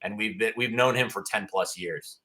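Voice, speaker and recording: A man guesting on a podcast about his comics, speaking in a fairly low voice. He sounds measured and supportive of the team. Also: pushed and bright, rough recording. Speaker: comic book writer, guest. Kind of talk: casual interview chat.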